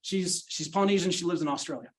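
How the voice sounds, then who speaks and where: Earnest guy, middle-aged, kinda high voice, thoughtful teacher talk at a conference. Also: fast talker, rough recording. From Utah, United States. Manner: earnest and reflective. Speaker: university sociology teacher. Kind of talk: conference presentation. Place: conference breakout room.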